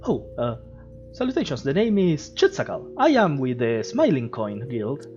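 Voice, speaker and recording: A man's voice: mid-range voice, wildly swooping pitch, moderate pace, a little mellow. A man voicing a courteous half-dragon guild merchant who coaxes travellers to work for coin. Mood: coaxing. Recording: dull lo-fi with music behind.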